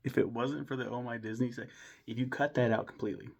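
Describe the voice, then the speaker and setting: A man's voice: mid-range voice, steady tone, fast talker, creaky. A young man giving a casual, rambling film review full of enthusiasm, restarts and mild swearing.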